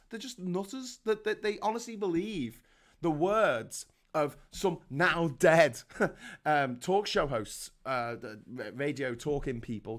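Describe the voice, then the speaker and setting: A man from Liverpool hosting a sweary, sarcastic comedic rant, with mock voices and shouted peaks. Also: high voice. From Liverpool, England. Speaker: host.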